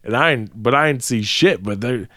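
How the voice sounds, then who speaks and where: A man's voice: mid-range voice, animated, moderate pace, bright, forceful tone, dry recording. A man co-hosting a podcast, telling a long profane story in casual chat from a small dry room. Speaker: podcast co-host.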